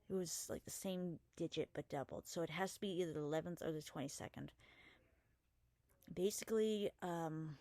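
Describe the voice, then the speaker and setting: A young woman telling a personal story in a casual vlog, halting and hesitant, trailing off mid-sentence and swearing casually. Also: fairly low pitch, warm tone, no room sound. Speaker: vlogger.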